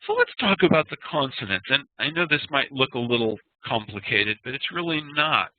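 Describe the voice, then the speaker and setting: A man teaching an online class, speaking slowly and patiently and demonstrating sounds aloud. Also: mid-range voice, very animated, dry recording. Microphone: computer mic on a video call. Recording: dry, tinny web-call audio.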